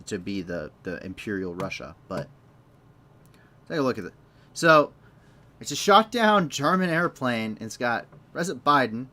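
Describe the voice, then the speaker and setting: A man's voice: on the low side, a bit bright. Young male streamer-host, unscripted news commentary, sarcastic, rambling delivery. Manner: rambling and sarcastic, with many restarts and fillers.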